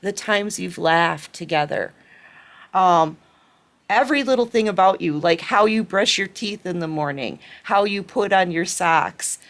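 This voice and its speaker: A woman's voice: fairly low pitch, animated, measured pace, a bit bright. A woman giving a collective tarot reading, speaking with emotion and sometimes acting out what others said. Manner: emotional, acts out quoted pleas. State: tearful at times. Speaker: tarot reader.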